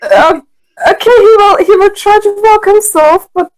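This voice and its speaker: A woman's voice: very high voice, moderate pace, rough recording. A woman playing a tabletop role-playing game, describing her character hesitantly with many restarts. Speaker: player. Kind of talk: tabletop role-play chat.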